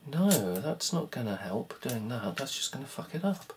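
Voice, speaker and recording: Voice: mid-range voice, animated, moderate pace, few pauses, a little hiss or hum. A vlogger muttering sarcastic, grumbling commentary to themselves while taking apart a device at an indoor workbench. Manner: sarcastic, grumbling self-talk. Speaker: electronics repair vlogger.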